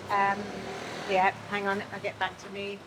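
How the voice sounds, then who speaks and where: A woman's voice: medium pitch, completely flat delivery, moderate pace, a bit bright, a little hiss or hum, poor audio. A woman co-hosting the vlog from behind the camera outdoors, playful and laughing as she prompts the host. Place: outdoors on a town street.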